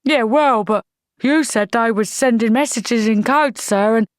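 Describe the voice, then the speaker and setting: A woman's voice: fairly high pitch, a little slow, no echo, studio quality, voice pushed up, natural voice. A woman voicing a huge, hot-tempered male army sergeant who bellows and fumes. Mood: angry protest. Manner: bellowing, furious.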